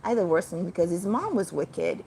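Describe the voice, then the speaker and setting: A woman's voice: very animated, normal speed, warm tone, slight background noise. Chatty woman rambling on a livestream. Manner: chatty, rambling, greets viewers by name with sudden high exclamations. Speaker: livestream host. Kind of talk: casual livestream chat.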